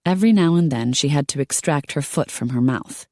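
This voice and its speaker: A woman narrating an audiobook in a steady storytelling manner. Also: extremely low pitch, fairly quick, hardly any pauses, no echo, studio quality. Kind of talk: scripted narration.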